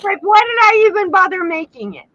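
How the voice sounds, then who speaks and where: A woman's voice: very high-pitched, big pitch swings, brisk, a bit bright, no room sound. A woman explaining sewing problems in a rambling, exasperated way during a casual chat. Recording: dull lo-fi sound.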